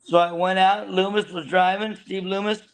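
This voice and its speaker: In a high-pitched, clean voice with a level tone and normal speed, this man rambles through a long tale of his fishing boat days, restarting often and laughing along the way. He is a guest, a veteran deckhand, in a casual storytelling chat.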